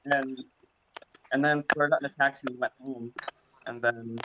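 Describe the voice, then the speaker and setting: A man, a drag performer, telling funny stories in casual chat on a livestream, rambling and animated. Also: mid-range voice, moderate pace. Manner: rambling, animated, acts out quoted voices loudly. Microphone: video call. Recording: dull lo-fi sound with clear background noise.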